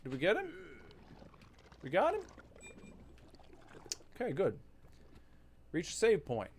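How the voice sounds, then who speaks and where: A man's voice: sits high, huge pitch swings, slow pace, husky. Wry rambling man playing a game. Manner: rambling, wry, mock-serious rants. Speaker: gaming channel host. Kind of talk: casual let's-play commentary.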